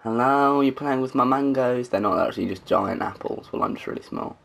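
Gravelly man swearing through a game. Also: medium pitch, brisk, fairly bright tone. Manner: swearing, laughing, joking to himself. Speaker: gamer. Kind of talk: let's play commentary.

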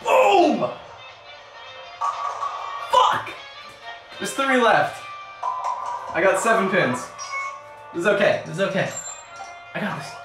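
A woman streaming a game, excitable and swearing often, yelling when she scores. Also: lowish voice, normal speed, pauses often. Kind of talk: live game stream commentary. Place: bathroom. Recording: echoey bathroom, distant from mic, faint game music.

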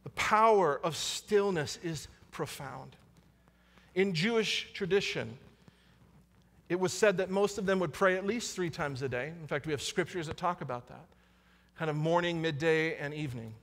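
A man preaching in a church sanctuary speaks at normal speed in a fairly high, fairly bright voice. As a pastor, he's earnest and returns to key lines for emphasis, with a long church-hall echo around him.

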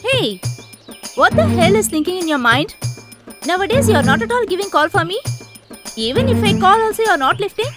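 A woman's voice: extremely high pitch, big pitch swings, normal speed, long pauses. A woman voicing a clingy young lover in a film dub, pleading and nagging. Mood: complaining. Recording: film dub with loud music underneath.

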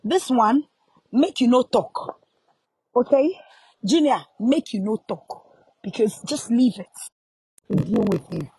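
A woman's voice: on the high side, animated, slow pace, pauses often, dark tone, breathy edge, dry recording. A Ghanaian woman, a music promoter, angrily scolding a journalist in a heated live rant and repeating her questions.

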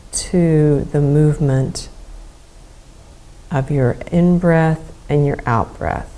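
A middle-aged woman guiding a gentle movement lesson in a soft, soothing, unhurried way. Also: deep voice. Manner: soft, slow, soothing instruction. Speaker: movement educator.

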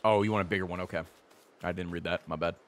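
A man giving casual, profane commentary while streaming a video game, with excitable running reactions. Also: deep voice, fast talker.

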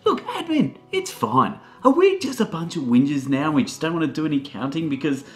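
Jokey man with a lively voice. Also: fairly high pitch, a little fast, soft background music. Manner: jokey, animated, slangy asides. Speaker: board game reviewer. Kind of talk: comedic board game review.

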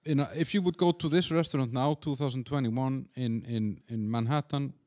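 A man hosts a relaxed podcast interview in a plain mid-pitched voice. He asks his questions haltingly, circling through fillers and restarts, and murmurs agreement while his guest talks. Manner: hesitant questions, frequent backchannel murmurs. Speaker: podcast host. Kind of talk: casual interview.

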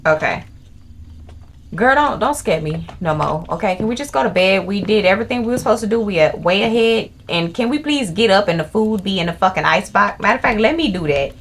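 Woman, horror game streamer, loud profane reactions, mid pitch, faint hiss behind. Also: animated, brisk. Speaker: gaming streamer. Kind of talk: horror gameplay commentary.

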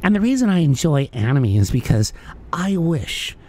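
A man calling in to a radio show, earnest and deadpan. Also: on the high side, moderate pace. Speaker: caller. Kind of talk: mock radio call-in.

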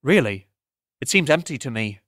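A male narrator voicing an earnest, remorseful young man who speaks quietly and reflectively. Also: mid-range voice, sing-song, moderate pace, no echo, studio quality.

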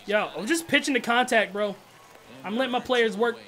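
A man giving casual, slangy commentary over his own gameplay, excitable and trash-talking, with loud outbursts. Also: very high voice, normal speed. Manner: slangy, keeps saying bro and dog. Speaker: gaming YouTuber.

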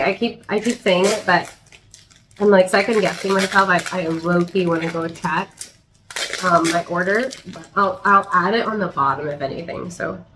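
A young woman chatting excitedly as she unboxes plants, hesitant, with restarts and little laughs. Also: fairly low pitch, background noise. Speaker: plant channel host. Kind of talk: casual unboxing chat.

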